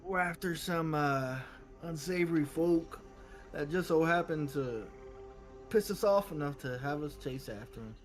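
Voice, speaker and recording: Male player, slightly high voice, drawling folksy delivery. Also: unhurried, soft background music. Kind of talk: playing a character in a tabletop game.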